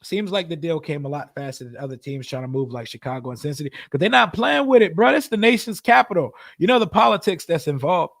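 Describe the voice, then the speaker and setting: A man's voice: on the high side, animated, fast talker, creaky, few pauses, fairly bright tone, no echo, studio quality. A young man hosting a live reaction stream, talking casually and profanely, often addressing his chat directly. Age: young adult. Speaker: livestream host.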